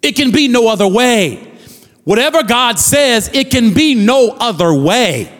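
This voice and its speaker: In a large hall, a pastor delivers a fervent sermon, building up with repeated phrases and rising calls to his congregation. His voice is very high-pitched, a bit bright and animated. He speaks unhurriedly.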